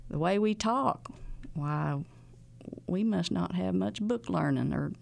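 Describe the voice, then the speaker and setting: A woman from the Ozarks with an Ozark accent, explaining local folkways in an unhurried, folksy way and drawing out her words. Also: fairly low pitch, animated, creaky, no echo. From Ozarks, USA. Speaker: presenter of Ozark folkways programs. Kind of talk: interview, storytelling explanation.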